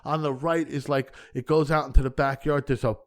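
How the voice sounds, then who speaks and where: A man, a stand-up comedian guest on a podcast, telling an anecdote in an animated way, acting out dialogue and swearing casually. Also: mid-range voice, fairly quick.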